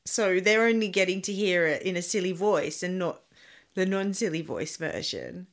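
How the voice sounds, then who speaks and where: A woman's voice: fairly low pitch, lively intonation, moderate pace. A woman co-hosting a casual podcast, teasing her co-host in a dry way. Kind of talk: casual chat.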